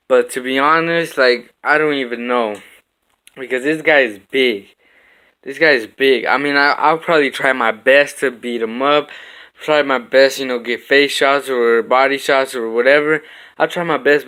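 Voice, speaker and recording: A man's voice: medium pitch, smooth. Young man telling a fight story with sound effects. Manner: animated storytelling, acting out blows with sound effects. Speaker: vlogger. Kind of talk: casual storytelling vlog. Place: home kitchen.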